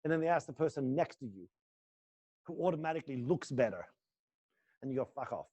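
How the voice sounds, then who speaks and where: A man's voice: mid-range voice, animated, fairly quick, darkish tone. A middle-aged man teaching acting, leading a guided exercise in a live class with an intense, coaxing manner and free swearing.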